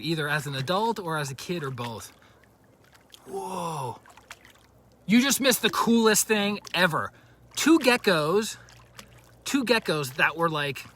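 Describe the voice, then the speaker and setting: A man with a high-side, bright, forceful voice livestreams a road trip from beside a lake, holding his phone and sounding a bit out of breath. He chats and jokes casually, greeting viewers by name, with slight background noise around him.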